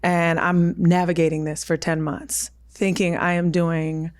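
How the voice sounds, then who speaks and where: A woman's voice: on the low side, level tone, measured pace, a little mellow. A woman in her thirties telling a candid personal story on a podcast, emphatic, acting out what others said. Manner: emphatic, acts out quoted dialogue. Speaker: podcast guest.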